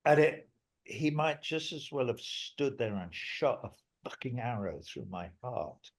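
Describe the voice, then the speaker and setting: Older man, husky voice, rambling, emphatic, interview guest. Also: medium pitch, big pitch swings, measured pace. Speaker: musician guest. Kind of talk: interview storytelling.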